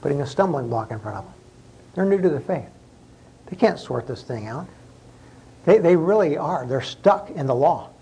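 A man's voice: fairly high pitch, animated, normal speed, gravelly, pauses often, a little mellow, husky, rough recording. A man preaching a sermon as the pastor, talking in a conversational way with rhetorical questions and repeated words.

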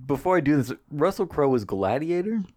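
A man's voice: on the high side, fairly quick. Jokey podcast guy, bouncy voice all over the place, cracking bits. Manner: jokey and playful, with a lively up-and-down voice. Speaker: podcast co-host. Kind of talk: casual movie-talk chat.

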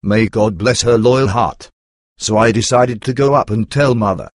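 Low-voiced man reading a memoir. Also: normal speed, no echo, clean studio sound. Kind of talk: scripted first-person memoir narration.

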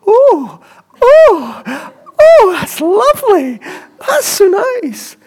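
A man putting on the voices of two gushing older women in a high, breathy falsetto while retelling a story. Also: wildly swooping pitch, extremely slow, a little mellow, long reverb tail, exaggerated voice.

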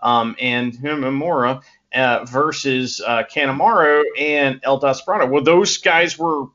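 A man co-hosting a podcast, explaining in a measured way with many fillers. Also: medium pitch, bright, forceful tone, highs cut off. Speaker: podcast co-host. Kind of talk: casual chat.

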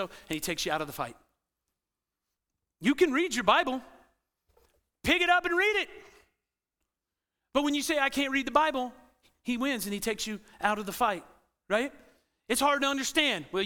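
A man with a high voice preaches as pastor to a congregation in a church sanctuary. His sermon is animated, moving from loud emphasis to quiet intensity.

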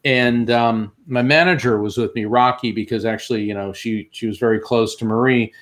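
A man's voice: mid-range voice, fairly even intonation, moderate pace. A man who is a guest on an interview show and tells a long story vividly, acting out the voices of the people he quotes. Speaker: guest, medium.

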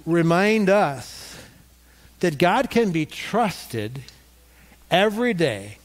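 A man's voice: sits high, big pitch swings, extremely slow. A middle-aged male pastor preaching a conversational sermon, getting the congregation to respond.

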